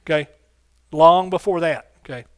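A man's voice: on the high side, normal speed, a bit bright, smooth, no echo. Fervent preacher man, dry sound. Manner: fervent, call-and-response preaching with exclamations. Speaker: pastor. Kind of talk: sermon. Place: church sanctuary.

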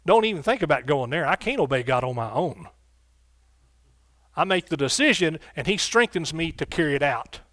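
A man's voice: a little high, lively intonation, moderate pace, a bit bright, no room sound. Male pastor, fervent call-and-response sermon, dry close sound. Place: church sanctuary.

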